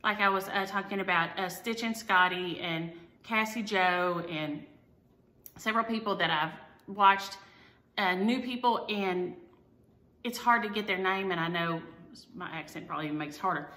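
Middle-aged woman, rambling cross-stitch vlogger, sharp bright tone, roomy echo. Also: mid-range voice, normal speed. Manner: rambling, chatty, self-deprecating. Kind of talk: casual chat to viewers. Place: at home. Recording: echoey room.

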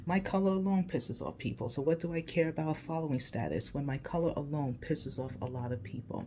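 A man's voice: mid-range voice, a little fast, hardly any pauses, darkish tone, slight background noise. A man from the United States, an English teacher hosting his own channel, delivering an emphatic, heartfelt message straight to his viewers while emotional. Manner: emphatic, earnest, declarative.

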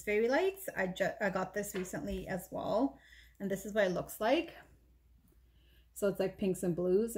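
A woman beauty vlogger talking casually as she shows her makeup, chatty and rambling, often correcting herself mid-sentence. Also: medium pitch. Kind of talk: casual chat showing makeup.

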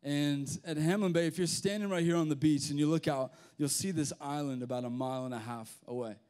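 Young aussie youth pastor telling stories, chill and animated, clear smooth voice. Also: male voice, a little high, fairly quick. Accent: Australian. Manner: casual, animated storyteller with slang. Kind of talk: sermon with storytelling.

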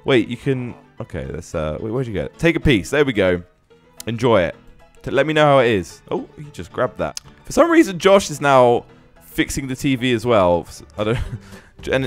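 A young man hosts a gaming video in a casual, joking way, laughing often and calling out to the characters on screen. His pitch is average but swings widely. Soft music plays quietly underneath. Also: moderate pace. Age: young adult. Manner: laughing, animated, exclaims at the screen. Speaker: gaming channel host. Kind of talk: casual game commentary.

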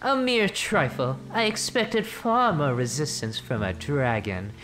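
A man's voice: fairly high pitch, lively intonation, a little slow, a bit bright, soft background music. A man voicing an arrogant male sorcerer villain who gloats in grandiose tones. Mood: gloating.

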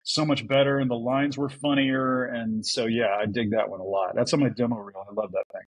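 Husky-voiced male voice actor telling stories. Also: medium pitch, a little fast, no room sound, poor audio. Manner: animated, acts out quotes in voices. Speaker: voice actor guest. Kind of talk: casual podcast storytelling.

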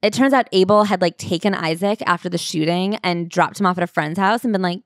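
A woman's voice: fairly low pitch, fairly quick, dry recording, clean studio sound. Wry woman podcast co-host. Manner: conversational, wry, uses "like" a lot. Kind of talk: casual book-club chat.

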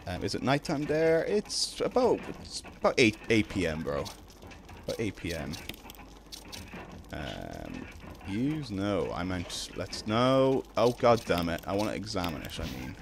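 A young Irish man streaming a video game, chatting casually with his viewers between drawn-out ums. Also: low voice, wildly swooping pitch, gravelly, noisy background. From Ireland. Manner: laid-back, drawn-out ums, greets chat. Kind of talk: casual live-stream chat while gaming.

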